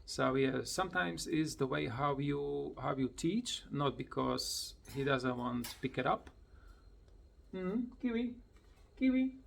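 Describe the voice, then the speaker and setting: A man casually explaining how he teaches his parrot to talk, in plain, slightly broken English, often repeating words in a high, sing-song voice, recorded at home beside the bird. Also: gravelly, fairly bright tone, slight background noise. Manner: slow, plain explanations with simple non-native grammar. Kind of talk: casual tutorial vlog.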